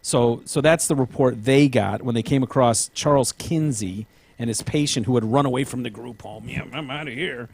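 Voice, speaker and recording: A man's voice: mid-range voice, moderate pace, darkish tone, husky. A man hosting a podcast in casual chat, rambling and hedging with plenty of ums. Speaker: podcast host.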